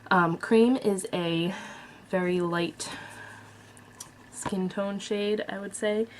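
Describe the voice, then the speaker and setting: A woman's voice: mid-range voice, fairly even intonation, slow pace, slight background noise. A woman vlogger casually reviewing a makeup palette, chatty and blunt with frequent fillers. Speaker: beauty vlogger.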